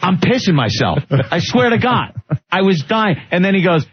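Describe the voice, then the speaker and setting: A man co-hosting a radio show, telling stories in an animated way and laughing often. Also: high-pitched, normal speed, husky, no echo. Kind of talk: casual radio banter. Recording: dull lo-fi radio broadcast.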